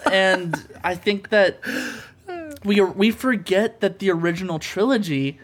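A man's voice: sits high, measured pace. A man co-hosting a podcast, chatting casually about films in an earnest, rambling way with many fillers. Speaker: podcast co-host.

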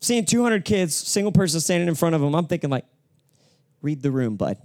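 A man's voice: a little high, expressive, fast talker, a little mellow, dry recording, clean studio sound. A man pastor preaching a sermon to his congregation, telling stories in a casual, joking way and then pressing points with emphasis. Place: church hall with live congregation.

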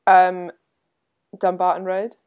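Casting note: young woman co-host, chatty storyteller, slightly low voice, uses lots of filler "like". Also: takes it slowly, smooth. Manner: chatty, lots of "like", animated retelling. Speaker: podcast co-host. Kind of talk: casual chat, storytelling.

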